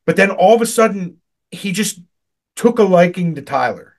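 A man's voice: high voice, expressive, moderate pace. A man co-hosting a podcast, telling rambling, profane work stories in casual chat and laughing often. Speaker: podcast co-host.

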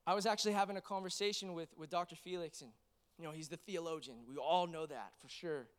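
A man's voice: fairly high pitch, fast, clear, resonant tone. A man in his thirties preaching a sermon in a church, telling earnest, rambling, emotional stories full of fillers. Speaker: pastor. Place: church service.

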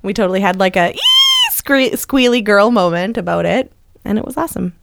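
A woman, co-hosting a podcast and telling a story in a lively chatty way. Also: a little fast, creaky, background noise. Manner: animated, acts out quoted lines with jumps in pitch. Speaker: podcast co-host. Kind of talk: casual storytelling chat.

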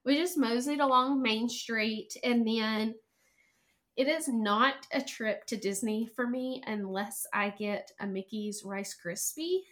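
Woman telling a story, bright voice, acts out what people said. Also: fairly high pitch, takes it slowly. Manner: animated storyteller, acts out quotes. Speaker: podcast guest, travel planner. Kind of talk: casual chat.

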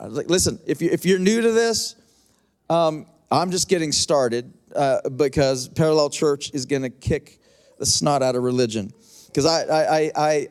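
High-voiced, fiery preaching man. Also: darkish tone. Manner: passionate, emphatic preaching with repetitions and asides to the congregation. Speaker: pastor. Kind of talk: sermon.

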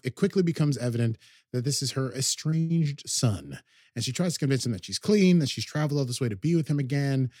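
A man of middle pitch talks casually through a story recap, wandering off track and circling back with plenty of ums and half-finished phrases. His voice sits close and dry, with no room sound around it. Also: a little mellow, no room sound. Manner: rambling, hesitant, many ums and restarts. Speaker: podcast host.

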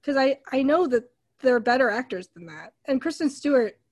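A woman's voice: high-pitched, a little fast. A young woman co-hosting a casual podcast, critically retelling a movie's scenes. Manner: chatty, critical, animated retelling. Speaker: podcast co-host. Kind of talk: casual movie recap chat.

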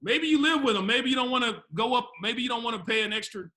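Bright-voiced high young man, blunt. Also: fast. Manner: blunt, profane, laughs often. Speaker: podcast co-host. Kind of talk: crude casual chat.

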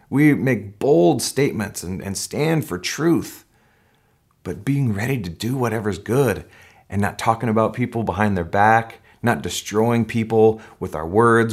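A male pastor preaching a sermon in an earnest way that climbs into excited emphasis. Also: on the low side.

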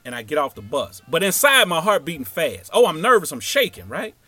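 A man's voice: fairly high pitch, brisk, hardly any pauses, soft background music. A man telling a childhood story as stand-up comedy, acting out each character. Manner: animated, acts out every character.

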